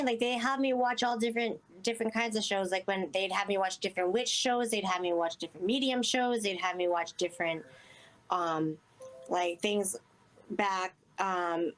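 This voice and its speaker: A woman guest speaking earnestly in casual interview chat, rambling and often saying "you know". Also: medium pitch. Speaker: guest medium.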